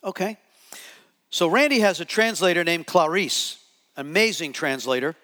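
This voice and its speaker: A man preaching a sermon to a live audience, telling a story with lively acted-out quotes. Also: fairly high pitch, normal speed. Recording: long hall reverb.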